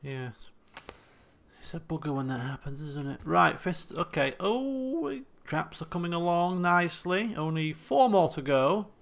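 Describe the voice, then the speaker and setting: Guy streaming a game, gravelly voice, pitched a bit high, chats away with viewers. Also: sing-song, unhurried. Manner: chatty, thinks aloud, talks to chat. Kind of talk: casual live game commentary.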